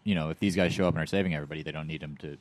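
A man talking in a rambling, animated way in casual chat, swearing freely. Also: a bass voice, racing, a little hiss or hum.

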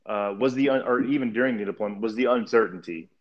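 A man's voice: fairly low pitch, fast talker. A man who is an army veteran, chatting casually on a podcast, rambling and swearing with lots of fillers. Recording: muffled lo-fi audio.

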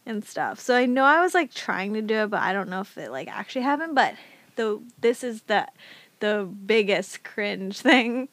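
A woman's voice: medium pitch, animated, normal speed, a bit bright, no echo. A young woman co-hosting a podcast, telling a story in casual chat and laughing hard. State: pregnant. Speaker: podcast co-host.

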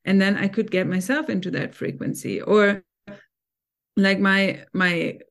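An earnest woman speaking as a podcast guest. Her voice sits at a middling pitch, and she explains her points steadily, often pausing to check that she is understood. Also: vocal fry. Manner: earnest, keeps checking in with "right?". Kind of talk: conversational interview.

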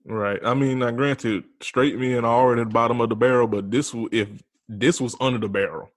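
A man's voice: mid-range voice, fairly even intonation, a little fast. A man co-hosting a casual show recap, agreeing emphatically and tossing in snappy, profane quips. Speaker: podcast co-host. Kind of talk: casual reality-TV recap chat.

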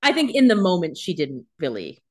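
A woman's voice: on the low side, wildly swooping pitch, a little fast, slightly rough. A young woman co-hosting a casual chat, adding joking asides about the characters. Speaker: podcast co-host.

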